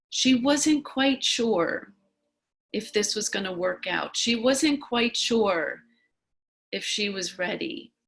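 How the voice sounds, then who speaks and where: A woman leading a guided meditation talk at a gym, speaking in a soft, earnest way. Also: mid-range voice.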